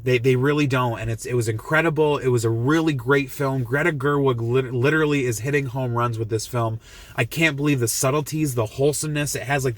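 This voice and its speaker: A man's voice: medium pitch, no echo. A man giving a casual, earnest film review to camera, gushing and emotional, often restarting and repeating himself. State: emotional, moved.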